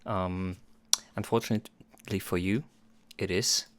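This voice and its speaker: Slow, low-voiced man on a livestream. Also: steady tone, a bit bright, slight background noise. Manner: playful, rambling, chuckles often. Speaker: music producer streamer. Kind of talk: casual livestream chat with viewers.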